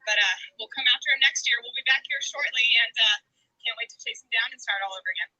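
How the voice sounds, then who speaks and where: A woman giving a post-race TV interview, gracious and quick, heard through replayed TV audio. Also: on the high side, pushed and bright, husky, full character voice, poor audio.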